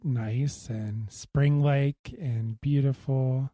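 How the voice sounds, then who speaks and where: A man chats as co-host of a podcast, dropping low-key, dry remarks. His voice is mellow and sits at a middle pitch. The sound is close and dry. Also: fairly even intonation, very slow, no echo. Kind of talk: casual chat.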